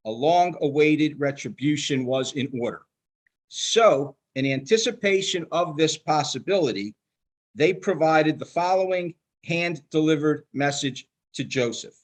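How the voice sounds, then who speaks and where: Man reading a measured sermon. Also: on the high side. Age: older. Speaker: rabbinical student giving a sermon.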